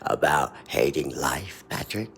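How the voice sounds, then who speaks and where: A man's voice: rumbling low, lively intonation, a little slow, a bit bright, a little hiss or hum, voice pushed down, full character voice. A taunting angel stranger, as a man puts him on. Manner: taunting, needling questions.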